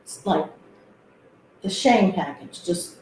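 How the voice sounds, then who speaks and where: A woman guest telling a personal story, hesitant and reflective, with many pauses and fillers. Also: on the low side, expressive, darkish tone, a little hiss or hum. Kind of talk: personal testimony. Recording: roomy echo.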